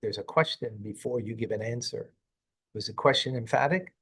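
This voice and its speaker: Reading and translating Torah verses for a class, a rabbi quizzes his student first and then gives the explanation. His mid-range voice is fairly bright and slightly rough, moving at a normal speed.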